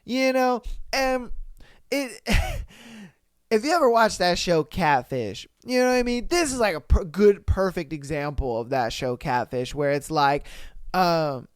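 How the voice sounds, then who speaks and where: A man hosting a podcast, reading out posts and reacting with loud, profane, animated commentary and frequent laughter. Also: sits high, unhurried, smooth, no room sound, clean studio sound. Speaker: podcast host. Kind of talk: casual solo commentary on reader posts.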